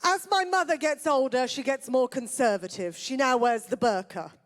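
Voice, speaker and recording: A woman from Britain, doing a dry deadpan stand-up routine on a festival stage. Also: high-pitched, moderate pace. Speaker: stand-up comedian.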